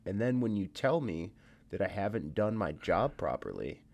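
Low-voiced dude, totally exhausted, cussing nonstop, says "dude" a ton. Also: male voice, big pitch swings, normal speed, gravelly, darkish tone. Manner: profane, says "dude" and "like" a lot. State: tired. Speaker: podcast co-host. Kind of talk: casual chat.

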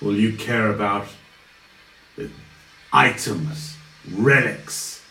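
A man voicing an arrogant, cruel male villain mage who taunts slowly and theatrically in a tabletop game. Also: fairly low pitch, pushed and bright, far from the mic, exaggerated voice. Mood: scornful. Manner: slow, sneering, theatrical taunts. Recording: echoey room with faint noise.

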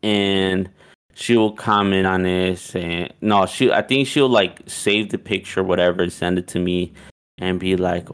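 A man's voice: deep voice, steady tone, unhurried, smooth. A young man casually telling a story, loose and profane, with "like" in nearly every line. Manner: loose and profane, heavy use of "like".

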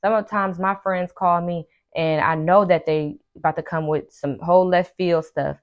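A woman with a lowish voice talks straight to her listeners like a life coach on her own show. She preaches with emphasis and circles back to the same phrases again and again. Now and then she slips into quick impressions of her friends. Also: fairly even intonation, lo-fi sound. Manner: acts out friends' lines in quick asides. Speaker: podcast host and life coach. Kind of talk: casual motivational monologue.

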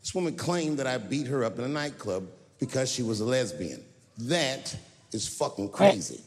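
A man's voice: mid-range voice, normal speed. A man performing stand-up comedy, telling stories and acting out the quotes. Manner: animated storytelling with acted-out quotes. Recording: reverberant venue with crowd noise.

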